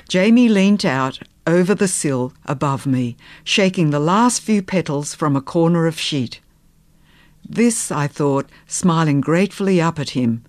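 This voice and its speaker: A woman narrating a period novel in the first person, with soft, unhurried storytelling that sometimes sinks to a near-whisper. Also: on the low side, no room sound. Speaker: audiobook narrator.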